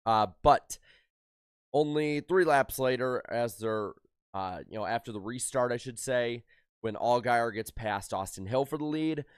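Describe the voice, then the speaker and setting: A man's voice: medium pitch, clear, resonant tone, no echo, clean studio sound. A man hosting a casual race recap podcast, running through results with frequent "uh"s and a slightly worn voice. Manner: rapid rundown of results with filler "uh"s. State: slightly worn voice after a concert. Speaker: racing podcast host.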